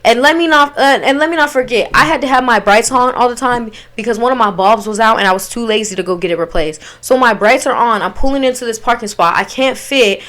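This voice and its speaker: A young adult woman telling a storytime to her viewers in a casual, animated and slangy way, often talking straight to the audience. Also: on the high side, fast, few pauses.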